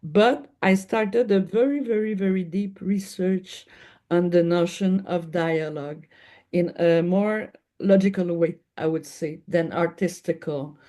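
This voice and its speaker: This is a woman with a Québécois French accent whose first language is French, speaking as a guest in an interview. She talks slowly and hesitantly, often restarting as she looks for the right English word. Her voice is warm and mellow. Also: lowish voice. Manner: hesitant, searching for words with restarts. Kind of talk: interview conversation.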